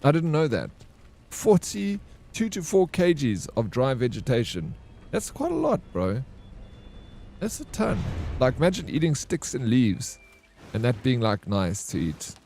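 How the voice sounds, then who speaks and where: A man live-streaming a game, chatting and joking with his viewers, and loudly welcoming raiders. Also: medium pitch, a little slow, a little hiss or hum. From South Africa. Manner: jokey, excitable, banters with chat. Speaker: variety streamer. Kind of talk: casual live-stream chat while gaming.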